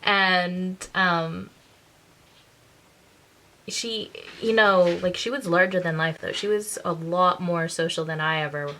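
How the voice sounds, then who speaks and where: Casual vlogger, woman in her 30s, bright tone, laughs a lot, acts out quotes. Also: fairly low pitch, steady tone, takes it slowly, a little hiss or hum, rough recording. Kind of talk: casual confessional storytelling.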